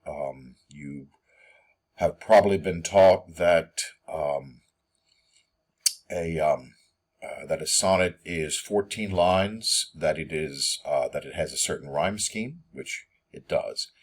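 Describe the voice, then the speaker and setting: A man giving a poetry lesson, reading verse slowly and filling his explanations with ums and uhs. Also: a bass voice, slightly rough. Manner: hesitant, many ums and uhs; slow, measured reading of verse. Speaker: teacher. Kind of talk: poetry lecture.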